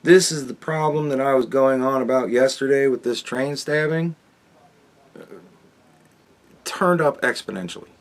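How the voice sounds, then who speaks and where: A man's voice: mid-range voice, fairly bright tone. A man hosting his own commentary show, talking bluntly with lots of swearing and frequent restarts. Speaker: podcast host. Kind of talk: casual commentary monologue.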